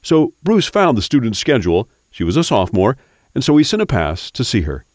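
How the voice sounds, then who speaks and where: A man hosting a podcast, reading scripted narration in a measured way. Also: medium pitch, wildly swooping pitch, a little mellow, dry recording. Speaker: podcast host. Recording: dry studio voice over faint music.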